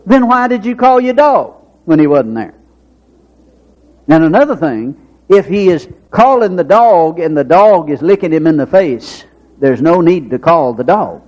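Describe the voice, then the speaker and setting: Man, preaching, folksy storytelling, slightly raised pitch, dull lo-fi recording. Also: big pitch swings, measured pace, darkish tone. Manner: folksy, plays out characters in quoted voices, rhetorical questions. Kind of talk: sermon with acted-out anecdotes.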